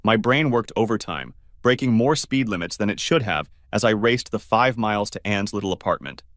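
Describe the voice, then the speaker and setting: A man's voice: expressive, moderate pace, a bit bright, dry recording, clean studio sound. A man reading a first-person story aloud and voicing every part himself. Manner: reads every part himself, raising his pitch for alarmed questions. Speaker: narrator.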